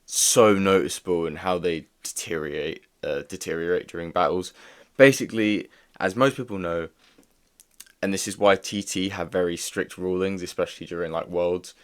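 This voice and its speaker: A young man talks through a casual video review. His voice sits very low, and he rambles loosely, leaning on filler words as he goes. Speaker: toy reviewer.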